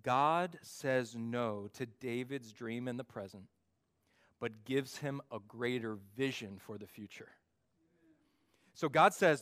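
A man preaching a sermon to his church, acting out the voices he quotes with big swings in pitch and loudness. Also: expressive, slow. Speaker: pastor.

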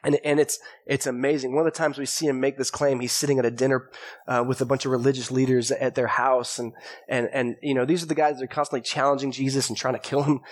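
A male pastor giving a sermon, telling stories from the Bible in a relaxed, chatty way. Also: mid-range voice, fast talker. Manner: conversational storytelling preaching. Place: church.

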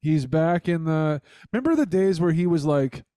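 Man, podcast host, casual rambling, mocking, mellow tone, slightly high pitch. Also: very animated, normal speed, smooth, dry recording, studio quality.

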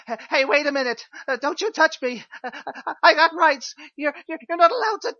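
A woman's voice: high-pitched, animated, a little fast, bright, forceful tone, no echo, voice pushed up, heavily acted. A woman voicing a frightened, panicky male prison inmate who stammers and protests, recorded on a dull lo-fi home mic.

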